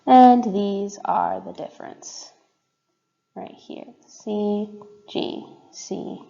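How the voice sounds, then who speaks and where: A woman's voice: mid-range voice, drawn-out words, gravelly, warm tone. Young woman giving a casual class presentation. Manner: casual, explanatory, with frequent fillers. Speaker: student presenter. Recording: dull roomy recording with long reverb.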